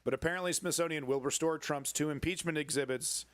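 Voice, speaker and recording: A man's voice: fairly high pitch, fast talker, dry recording. Sarcastic, rambling man streaming news commentary. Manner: rambling, sarcastic, swears freely, greets chat viewers. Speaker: live news commentary host. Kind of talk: casual live-stream political commentary.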